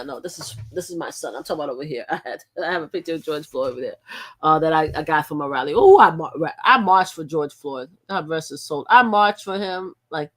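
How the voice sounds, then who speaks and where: Woman, middle-aged, live-stream host, casual commentary, emphatic, rambling, restarts often. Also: sits low. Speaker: livestream host.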